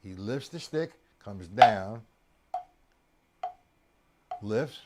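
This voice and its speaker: A man teaching drums on a live stream, chatty and coaxing, counting beats aloud with loud accents on the downbeats. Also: fairly low pitch, animated, extremely slow, heavy background noise. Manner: chatty, coaxing, addresses viewers directly. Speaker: drum teacher. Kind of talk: live-streamed drum lesson.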